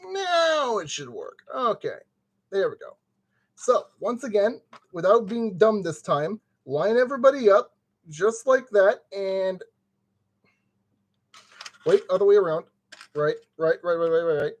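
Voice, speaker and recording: A man chats in a slow, unhurried way as he puts a kit together on stream. He mutters to himself and the pieces and tosses out silly made-up exclamations. He sounds sweaty and worn by the summer heat. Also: high voice. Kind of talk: casual live-stream commentary.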